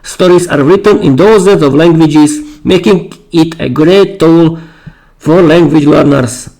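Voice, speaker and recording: Hoarse man hosting a live stream. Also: on the high side, warm tone, poor audio. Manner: halting, repeats words and restarts. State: losing his voice, clearing his throat. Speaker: podcast host. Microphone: streaming mic.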